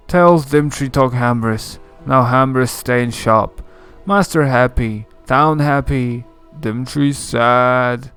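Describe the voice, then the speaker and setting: A man doing a slow, sad zombie in a video game. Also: mid-range voice, clean tone, lightly acted. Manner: halting, slow, broken phrases. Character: slow mournful male zombie servant.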